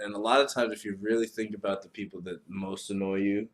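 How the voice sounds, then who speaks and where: A man hosting a solo podcast, talking casually in a profane, rambling, animated way. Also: fairly low pitch, fast, hardly any pauses. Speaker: podcast host.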